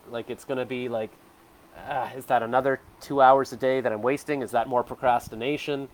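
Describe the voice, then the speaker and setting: A man in his forties, a vlogger, talks to the camera from home in a casual, self-reflective monologue. His mid-range voice keeps a fairly even intonation at a moderate pace, and he rambles hesitantly with lots of fillers.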